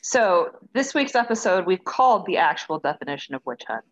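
Lower-voiced woman on a dull lo-fi mic. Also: big pitch swings, normal speed. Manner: wry, self-deprecating. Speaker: podcast co-host. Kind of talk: casual chat. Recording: slightly dull lo-fi sound.

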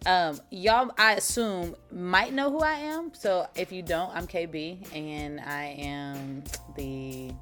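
A woman hosting her podcast in a casual chat, playful and animated, saying y'all. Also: deep voice. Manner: animated, playful, says y'all, sings intros. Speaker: podcast host and founder.

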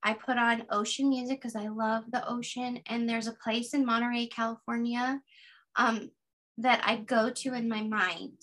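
A woman in her fifties, a podcast guest, sharing a personal practice in an earnest, gently guiding way. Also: on the high side, fairly even intonation. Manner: earnest, gently guiding, slow deliberate affirmations.

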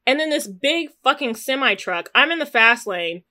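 Telling a story on a podcast, a woman co-host stays casual and lively, curses freely and makes quick asides, then leaps into loud, high squeals when repeating what she said.

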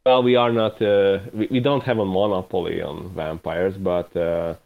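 A man from Eastern Europe, a podcast guest, who speaks hesitantly and often pauses to search for words. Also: sits low, fairly even intonation, gravelly, phone-quality sound. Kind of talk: casual podcast chat.

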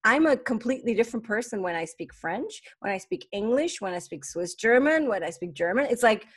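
A woman in casual conversation as a guest, talking in a lively way and often restarting her sentences. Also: on the high side, brisk, husky.

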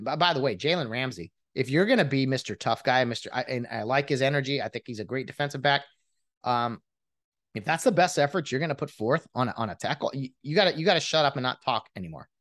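A man vents about football in a casual rant, his pitch leaping and falling as he goes. He sounds exasperated and mocking, stumbling over restarts as the words pile up. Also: expressive, a little fast, a bit bright. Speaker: sports commentator venting as a fan.

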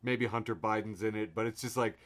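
A man's voice: on the low side, fairly quick, fairly bright tone. A man co-hosting a podcast, rambling through casual comedic chat with wry asides. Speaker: podcast co-host.

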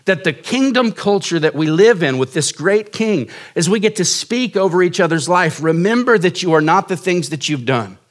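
Man, 40s, pastor, sermon, casual self-deprecating storytelling, higher voice. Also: lively intonation, normal speed, few pauses.

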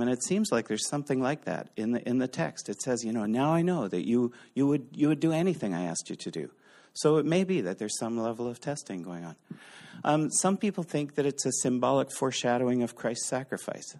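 A man giving a casual lecture on a Bible passage. He talks in a lively, unscripted way, full of fillers and restarts. His voice sits at an ordinary middle pitch. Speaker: teacher.

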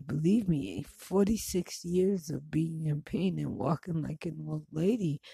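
A woman's voice: dark tone, no echo. A woman in her forties talking casually and bluntly to the camera, swearing freely and laughing between stories. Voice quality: low gravelly voice. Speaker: vlogger. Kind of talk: casual personal monologue.

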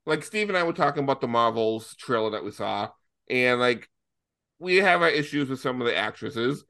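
A man co-hosts a casual film review podcast, his voice bright and forceful. He talks fast and excitedly, and he swears freely. His pitch sits in the middle for a man. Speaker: podcast co-host.

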